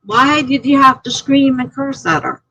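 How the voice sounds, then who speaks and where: A middle-aged woman hosting a live stream, chatting casually and rambling through stories, getting animated when she is indignant. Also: high-pitched, normal speed, lo-fi sound, a little hiss or hum. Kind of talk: casual live-stream chat reading comments.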